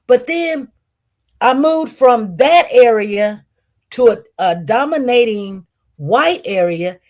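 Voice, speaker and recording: Woman, higher-pitched, candid animated storyteller, casual and conversational. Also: measured pace. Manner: candid and animated, with frequent restarts and acted-out quotes.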